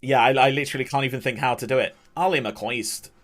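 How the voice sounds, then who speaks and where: A young, fast-talking man streams a football match as an amateur commentator, calling the play-by-play live and reading chat in between. His excitable commentary surges in pitch during attacks, broken up by chatty asides to viewers.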